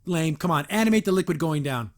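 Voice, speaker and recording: High-voiced man doing a sarcastic recap. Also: animated, fast talker, slight background noise. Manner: sarcastic, rambling asides. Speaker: show reviewer. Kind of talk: casual reaction commentary.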